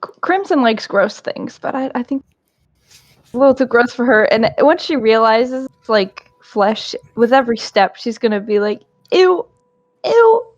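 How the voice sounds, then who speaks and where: A woman's voice: on the high side, normal speed, dull audio. A woman tabletop player describing her character in third person, in a chatty way. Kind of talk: casual tabletop play.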